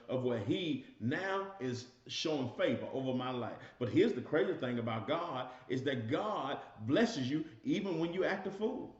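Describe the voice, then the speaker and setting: A man's voice: mid-range voice, expressive, moderate pace, hardly any pauses. A man teaching a Bible study as a sermon, preaching emphatically, repeating his phrases and calling listeners y'all. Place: church room. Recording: echoey, dull lo-fi church recording.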